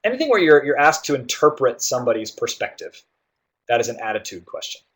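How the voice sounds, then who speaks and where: Male tutor, mid-pitched, explains test prep casually with lots of "um" and "right?". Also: very animated, fast talker, a bit bright. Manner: explanatory, with frequent fillers and "right?" check-ins. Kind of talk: guided test-prep walkthrough.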